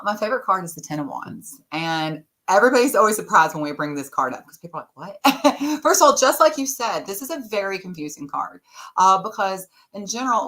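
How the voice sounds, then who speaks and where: Bright-voiced woman telling stories. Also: on the low side. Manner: warm storyteller, laughs often. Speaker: podcast guest, tarot reader. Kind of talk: casual interview talk.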